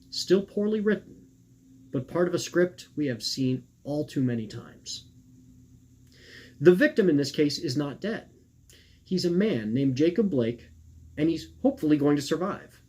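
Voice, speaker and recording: A man reading his own personal essay aloud in an earnest, measured way, posing rhetorical questions. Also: fairly high pitch, darkish tone, breathy edge.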